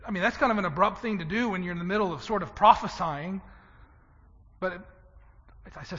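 A man preaching a sermon, swinging from loud emphatic lines to hushed ones. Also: high-pitched, fairly quick, in a large hall, highs cut off. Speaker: pastor.

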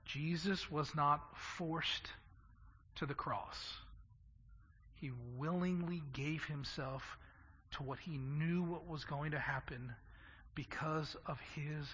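Impassioned husky preacher in echoey hall. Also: male voice, fairly high pitch, fairly even intonation, takes it slowly, a bit bright. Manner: impassioned, stammering repeats for emphasis. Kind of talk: sermon. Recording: echoey hall, dull lo-fi sound.

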